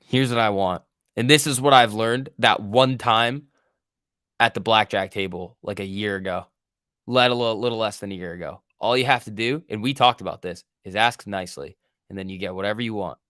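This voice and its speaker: A man's voice: fairly low pitch, fairly quick, a bit bright, no room sound, studio quality. Profane joking day-trading streamer, a man. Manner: profane, joking banter with chat. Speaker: day trading livestream host. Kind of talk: casual live trading commentary.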